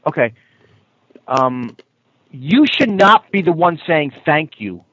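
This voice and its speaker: A man's voice: fairly high pitch, big pitch swings, slow pace, fairly bright tone, highs cut off. A man co-hosting a casual chat, insisting on his point and lecturing. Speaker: podcast co-host.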